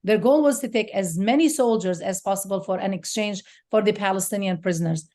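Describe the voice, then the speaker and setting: A woman's voice: mid-range voice, brisk, mellow. A woman guest speaker at a forum, talking in an outspoken, emotional and passionate way. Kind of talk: impassioned panel talk.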